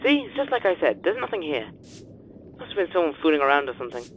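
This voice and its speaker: A man's voice: a little high, sing-song, quick pace, phone-quality sound, a little hiss or hum. A man voicing a boastful young woman diver in a video game, teasing and defensive, insisting she is not scared. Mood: dismissive. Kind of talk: reading game dialogue aloud in character.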